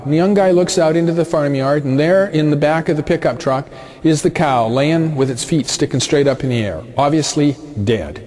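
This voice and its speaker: A man with a somewhat high voice leads a lesson by telling a story. His delivery is relaxed and conversational, with frequent fillers as he goes. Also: moderate pace. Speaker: business teacher.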